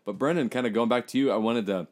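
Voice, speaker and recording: A young adult man hosting a casual podcast chat, talking in a relaxed, chatty way. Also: mid-range voice, fast. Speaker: podcast host.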